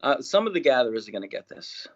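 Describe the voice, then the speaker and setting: A man asking trivia questions in a casual chat, with a relaxed, hesitant delivery and frequent pauses. His voice sits at a middle pitch and comes through dull, lo-fi call audio. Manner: relaxed, hesitant with many ums. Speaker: trivia guest.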